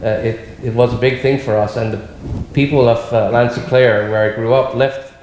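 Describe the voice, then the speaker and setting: Man in his fifties, reflective remarks, pauses and repeats, medium pitch, very echoey room. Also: steady tone, a little mellow, a little hiss or hum. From Labrador, Canada. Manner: halting, with fillers and repeated words. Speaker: interviewee.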